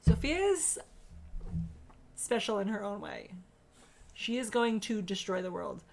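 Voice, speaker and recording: A woman in her thirties co-hosting a casual podcast, blunt and quick to swear, often mimicking her kids. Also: mid-range voice, lively intonation. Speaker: podcast co-host. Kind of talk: casual chat.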